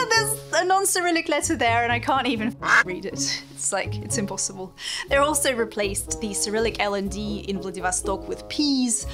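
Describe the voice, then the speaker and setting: A woman narrates a scripted countdown in a playful, wry tone. Her voice sits on the higher side and she takes her time over each point. Soft music plays faintly underneath. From Russia. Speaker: host.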